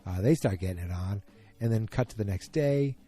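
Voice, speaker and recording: A man's voice: fairly low pitch, a little fast, warm tone, faint music behind. A man hosting a casual solo podcast, recapping an episode in a rambling, self-correcting way. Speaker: podcast host.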